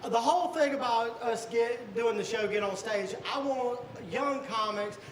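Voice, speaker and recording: Man, show host, very high voice, far from the mic, echoey room. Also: measured pace, slight background noise. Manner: friendly, asks questions plainly. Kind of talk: casual interview chat.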